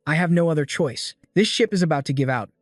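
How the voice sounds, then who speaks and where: A man's voice: fairly high pitch, expressive, fast, no room sound, clean studio sound. A man voicing a worn-out, evasive middle-aged ship captain who explains things plainly, in a recap reading. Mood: weary.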